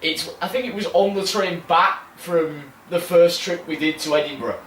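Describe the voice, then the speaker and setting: A man's voice: on the high side, moderate pace, fairly bright tone, slight background noise. A man co-hosting a podcast, teasing and laughing often in casual chat. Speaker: podcast co-host. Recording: roomy room, distant mic, faint ambience.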